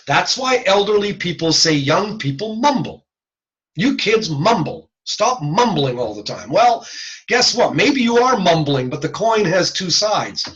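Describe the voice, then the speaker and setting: A man lecturing in a bright, forward voice that rises and falls a great deal. He talks slowly and casually, stopping to demonstrate sounds aloud. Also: high voice, dull audio. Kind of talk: recorded video lecture.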